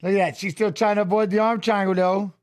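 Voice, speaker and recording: High-voiced man rambling fight commentary. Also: steady tone, fast talker, smooth. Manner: rambling, profane, restarts and fillers. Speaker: fight watch-along co-host. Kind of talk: casual live fight commentary and storytelling.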